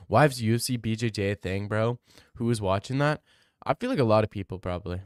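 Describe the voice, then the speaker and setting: A man's voice: lowish voice, fast talker, clear, resonant tone, dry recording, clean studio sound. A young man streaming, chatting casually as he reads his live chat, rambling and opinionated, repeating himself.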